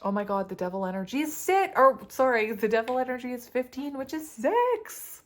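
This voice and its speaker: Excitable woman giving a tarot reading. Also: on the high side, fast talker. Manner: excitable, laughs often, talks straight to viewers. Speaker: tarot reader. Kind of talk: casual tarot reading to camera.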